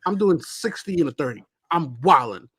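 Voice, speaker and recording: A fairly high-voiced man from Brooklyn telling animated stories in a loose chat, jumping into loud impressions of the people he quotes. The sound is dry and close. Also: normal speed, breathy edge, no echo. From Brooklyn, New York. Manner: animated storyteller who acts out quotes loudly. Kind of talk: casual chat, animated storytelling.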